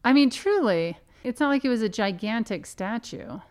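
A woman's voice: on the high side, lively intonation, moderate pace, a little mellow. A woman co-hosting a true crime podcast, chatting casually and defending her theories playfully. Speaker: podcast co-host. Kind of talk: casual chat.

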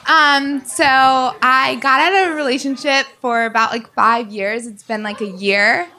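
A woman's voice: sits high, steady tone, measured pace, bright, forceful tone. A young woman from a comedy club audience asking for dating advice, hesitant and full of "like". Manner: hesitant, filler-heavy with "like". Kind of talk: casual chat.

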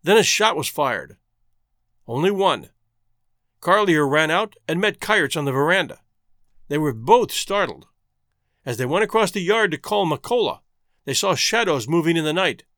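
Expressive male story narrator. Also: a little high, normal speed, pauses often, no room sound, studio quality.

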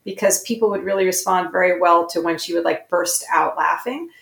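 A woman with a low, bright and forceful voice thinks aloud as she tells stories about her acting work, correcting herself as she goes. She sounds like she is in a roomy space with echo. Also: brisk, creaky. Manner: reflective, self-correcting storyteller. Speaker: guest actor. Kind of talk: interview conversation.

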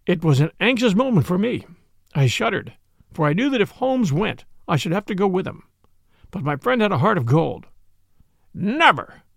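Theatrical male storyteller, gravelly voice. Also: sits high, brisk, no room sound, clean studio sound. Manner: expressive, theatrical reading. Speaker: podcast reader. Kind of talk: scripted storybook narration.

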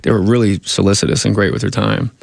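A man's voice: lowish voice, flat delivery, fast talker, gravelly, no echo, clean studio sound. A man, a comedian and actor, telling rambling anecdotes in a casual interview, often cutting himself off.

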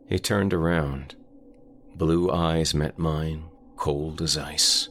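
Male horror-story narrator, very deep, unhurried pace. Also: fairly even intonation, a bit bright, a little hiss or hum. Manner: slow, measured, first-person storytelling.

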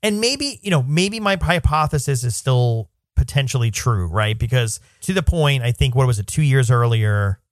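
A man's voice: medium pitch, animated, moderate pace, few pauses, no room sound. A man with a mid-range voice co-hosts a casual movie podcast. He talks thoughtfully and works through his ideas aloud. The sound is dry and close. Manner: thoughtful, reasons things out aloud. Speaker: podcast co-host. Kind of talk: casual chat about a movie.

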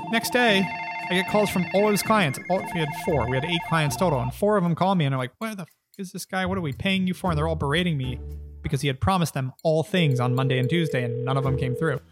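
A man in his thirties, a business founder telling stories in a casual interview, blunt and profane, with lively delivery. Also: a little high, fast, faint music behind. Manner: blunt, profane, animated storyteller. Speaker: agency founder and guest.

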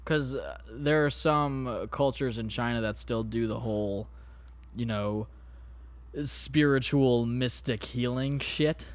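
A man's voice: medium pitch, takes it slowly. A man co-hosting a casual comedy podcast from his apartment, rambling through jokey stories and cursing casually. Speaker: podcast co-host. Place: home apartment. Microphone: podcast microphone.

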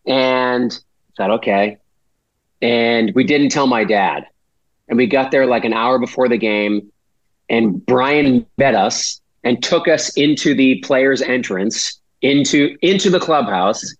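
A man's voice: mid-range voice, slow, dry recording. A man from Massachusetts, a podcast guest telling a rambling story and swearing freely. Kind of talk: casual storytelling. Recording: dull dry lo-fi audio.

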